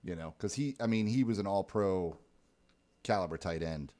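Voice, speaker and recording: A man's voice: low-pitched, normal speed, warm tone. A man co-hosting a casual fantasy football podcast, laid-back and joking, often trailing off with ums. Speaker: podcast co-host. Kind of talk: casual chat.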